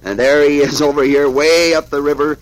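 A man's voice: fairly high pitch, fairly even intonation, a little fast, dry recording, low-quality recording. A man, reading comic strips aloud to a child in a chatty, folksy way. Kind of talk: folksy read-aloud storytelling.

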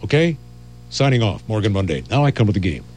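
A man's voice: fairly low pitch, sing-song, fast, a little mellow, faint music behind. An older man, a veteran radio host, telling rambling stories and often breaking off mid-phrase. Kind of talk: anecdotal storytelling.

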